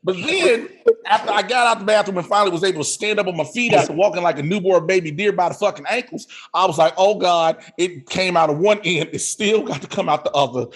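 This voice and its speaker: A man's voice: high-pitched, fast talker, slightly rough. A man co-hosting a comedy show on a video call, telling a story with lots of laughing and acted-out yelps. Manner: animated, laughing through the story, acting out his own shouts. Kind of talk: storytelling stand-up. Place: home setup on a video call. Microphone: video call mic.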